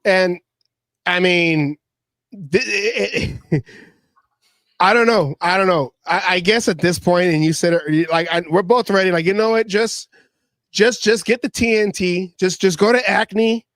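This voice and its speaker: High-pitched guy cracking sarcastic jokes on a sports podcast, dry sound. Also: unhurried, a bit bright, no echo. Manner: joking, riffs into sarcastic impressions. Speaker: podcast co-host. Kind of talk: casual sports talk.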